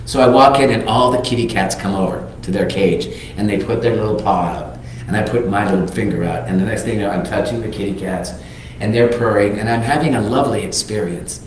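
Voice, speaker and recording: A man's voice: lowish voice, fairly quick, slight background noise. Man telling a sermon story in a big echoey hall. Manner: lively storyteller acting out the people he quotes. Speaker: minister.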